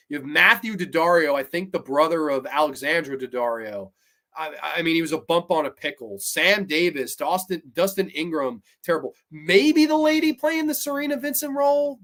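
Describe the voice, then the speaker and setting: A man with a fairly high voice hosts a horror movie review show, delivering a casual solo rant. He's blunt, profane and exasperated, breaking into sudden loud bursts of disbelief.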